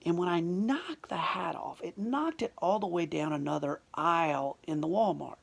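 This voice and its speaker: A woman telling a personal story in an emotional, confessional way, often dropping to a hushed near-whisper. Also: on the low side, moderate pace, gravelly, breathy edge.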